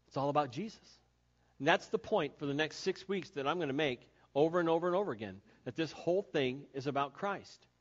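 A man preaching a sermon as pastor, earnest and repetitive, often dropping soft and low to stress a point. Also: muffled recording. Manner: earnest, repeating key phrases, drops soft and low for emphasis.

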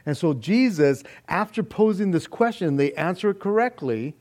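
Middle-aged pastor, deliberate unhurried delivery, earnest teaching tone, slightly high voice. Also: male voice, lively intonation, darkish tone. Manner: earnest, emphatic teaching with scripture reading. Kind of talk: expository sermon.

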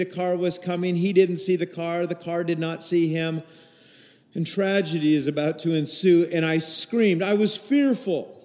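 A middle-aged male pastor delivers a sermon in an earnest, measured way, now and then rising into emphatic bursts. His voice sits a little high for a man. A long reverb trails his words through the church sanctuary. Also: a little mellow.

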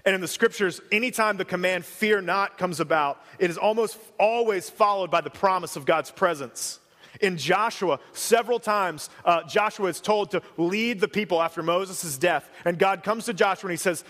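High-voiced man preaching in a hall. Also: moderate pace, a bit bright. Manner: conversational preaching with casual asides. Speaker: pastor. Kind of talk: sermon.

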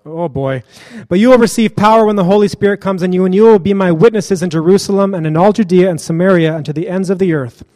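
A man's voice: high-pitched, fast, a little mellow, big-room sound. A man preaching a sermon in a casual, joking and blunt way.

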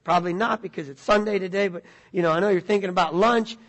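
A man's voice: sits high, fast, fairly bright tone. A middle-aged man, preaching a conversational sermon and asking the congregation questions. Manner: conversational, repeats words, asks the audience questions. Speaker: pastor.

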